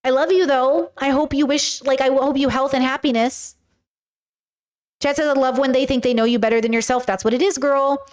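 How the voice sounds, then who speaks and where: High pitched young woman on a livestream, talks straight to chat, blunt and animated. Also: fairly quick. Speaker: livestream host reading chat. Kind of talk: casual chat. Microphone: webcam or desk mic on a livestream.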